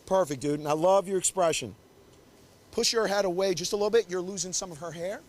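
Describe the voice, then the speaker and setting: His voice is high and a little fast as he teaches, posing a couple in a small indoor space. The wedding photographer keeps things upbeat, coaxing them along and directing every move during this live demonstration.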